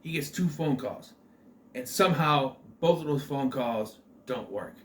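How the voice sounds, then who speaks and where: A man's voice: mid-range voice, unhurried. A man giving a casual spoken film review, rambling, with many fillers and restarts.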